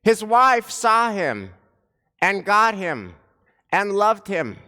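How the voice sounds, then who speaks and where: A man delivering a sermon as a rabbi, telling a story slowly and deliberately with dramatic pauses, recorded in a synagogue sanctuary. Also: high-pitched, sharp tone, smooth. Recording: long reverb of a large sanctuary.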